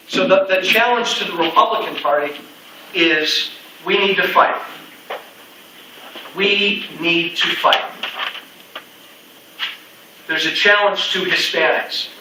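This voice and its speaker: Guy giving a stump speech, pretty high voice, picked up from far off, faint room noise. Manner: punchy, repeats slogans, folksy asides. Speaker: political speaker. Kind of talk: campaign speech to a crowd. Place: meeting room with an audience. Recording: echoey room, mic from a distance.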